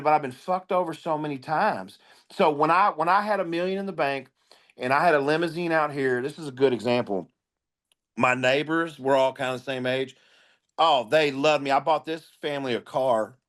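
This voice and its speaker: A man with a somewhat high-pitched voice speaks bluntly and emphatically, swearing freely. He talks as a comedian guest in an interview. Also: fairly bright tone. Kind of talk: candid interview storytelling.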